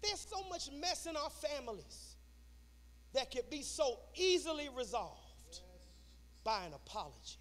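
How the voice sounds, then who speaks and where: A man preaching a sermon, shouting in a sing-song cadence in a church sanctuary. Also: extremely high pitch, very animated, measured pace. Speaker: pastor.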